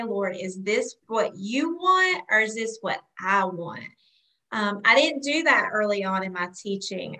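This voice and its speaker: A woman with a Southern US accent, a yoga teacher giving earnest, faith-filled advice as a podcast guest, with frequent pauses. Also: on the high side, bright, forceful tone. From United States. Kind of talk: podcast interview.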